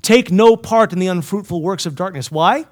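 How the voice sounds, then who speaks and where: A high-pitched man delivers a sermon to a Bible college chapel. He keeps asking his listeners questions and swings between forceful emphasis and quiet, hushed lines. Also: normal speed. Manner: asks the listeners many questions. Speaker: preacher.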